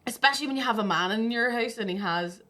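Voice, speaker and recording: A woman's voice: on the high side, fast talker, bright, forceful tone. A woman, hosting a casual podcast chat and telling stories with plenty of swearing. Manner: swearing, storytelling, laughs often. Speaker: podcast host.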